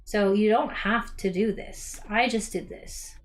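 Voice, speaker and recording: A woman's voice: mid-range voice, fairly even intonation, measured pace. Casual, friendly young woman host for a how-to craft stream, mid-range voice, speaks to viewers directly, light music underneath. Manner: chatty, talks to viewers as "you guys", many ums. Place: home craft room.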